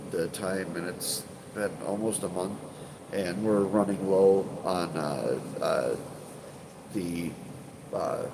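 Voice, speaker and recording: A congested, stuffed-up man with a low voice chats casually with viewers on a live stream, with background noise behind him. The host of an urban exploration channel, he rambles hesitantly with lots of fillers and restarts, swearing offhandedly.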